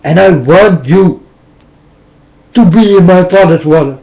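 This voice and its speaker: A high-voiced man whose first language is Dutch pleads slowly and with emotion, his talk drifting into preaching. He speaks into a webcam, and the sound comes through dull and lo-fi. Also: gravelly, warm tone. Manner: impassioned, tearful, repetitive preaching. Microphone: webcam mic.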